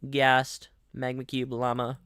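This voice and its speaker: A man's voice: mid-range voice, completely flat delivery, slow pace, a bit bright, clear, resonant tone, dry recording, studio quality. A young man rambling through casual gameplay commentary as a streamer, often restarting his sentences and reading out chat messages. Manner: rambling, chatty, many restarts. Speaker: gaming streamer.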